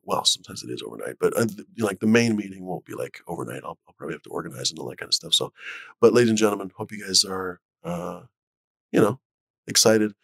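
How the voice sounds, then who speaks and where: A man's voice: sits low, vocal fry, no echo. A man hosting a casual livestream chat, rambling with lots of fillers and swearing, on a video call mic. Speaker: livestream host.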